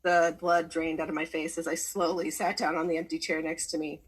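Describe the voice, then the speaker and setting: A woman reads a personal story aloud at a measured pace, slowing down to lean on key words. Her voice sits a little low and is husky, with a breathy grain. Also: flat delivery, poor audio. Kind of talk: reading a memoir aloud.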